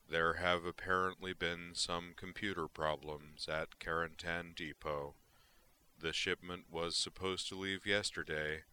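Man reading hulking alien quartermaster, deep, dead-flat monotone, crisp edge, unhurried. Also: heavily acted. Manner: flat monotone, names his emotion before speaking. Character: massive slow male alien supply clerk.

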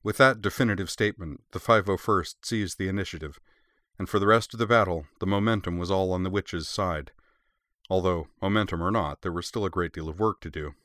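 A man reading a story aloud in steady, measured scripted narration. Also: sits low, dry recording, studio quality. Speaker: audiobook narrator.

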